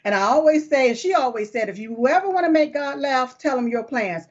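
A woman's voice: high-pitched, lively intonation, brisk, muffled recording. Fiery woman talk show host. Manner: fiery, folksy and emphatic, with church-talk idioms. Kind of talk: political talk show monologue and interview.

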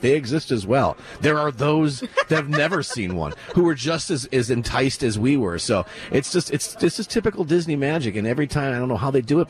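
A man hosting a live radio broadcast from a theme park, gushing with enthusiasm and tripping over his words. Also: mid-range voice. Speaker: radio host. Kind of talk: excited live broadcast chat.

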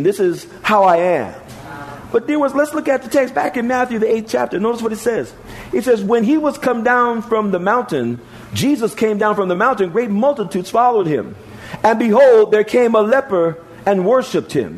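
A pastor delivering a sermon in a high, very animated voice. He preaches with strong emphasis and repeats phrases for effect, swinging from loud calls to quiet, low lines. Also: rough recording.

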